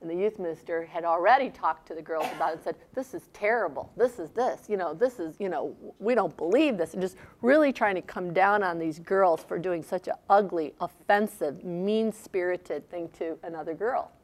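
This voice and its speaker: A woman's voice: fairly low pitch, normal speed, few pauses. A woman leading a seminar workshop, talking conversationally and retelling a story with quoted dialogue. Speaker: seminar speaker. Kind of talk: seminar talk with a workshop exercise. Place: seminar room.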